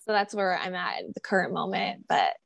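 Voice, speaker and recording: A woman with a lowish, gravelly voice, musing aloud in a relaxed podcast interview. She rambles and reflects, leaning on fillers as she talks. The sound is dry and close. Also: a little fast, no echo. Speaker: guest, body acceptance coach.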